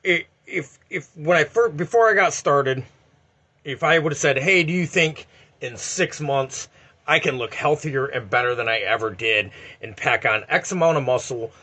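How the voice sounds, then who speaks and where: A man's voice: fairly high pitch, normal speed, husky. A man in his forties giving a blunt, profane motivational talk in a vlog. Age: 40s. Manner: blunt and profane, animated, heavy swearing. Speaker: eBay reseller.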